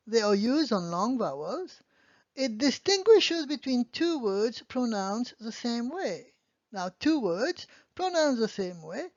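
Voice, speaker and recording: Patient and clear, a French teacher walks beginners through a language lesson, regularly pausing to ask "okay?" Her voice is fairly high, and the recording is dull, lo-fi, and dry with no room sound.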